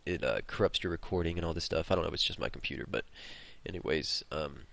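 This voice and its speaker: A man hosts a gaming video, spinning a long, rambling story in a casual style as he plays and swearing freely. His voice is a deep rumble, slightly bright and creaky, and he talks quickly. It's casual storytelling laid over gameplay.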